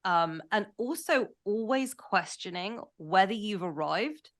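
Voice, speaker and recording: Woman, from the UK, branding guest, medium pitch, warm enthusiasm, thoughtful explainer. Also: expressive, measured pace. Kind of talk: casual interview chat.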